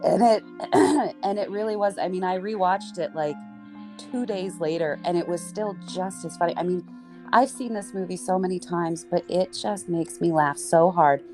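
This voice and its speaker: A woman co-hosting a podcast, retelling film scenes in animated, laughing storytelling. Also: lowish voice, moderate pace, soft background music. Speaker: podcast co-host. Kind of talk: casual chat.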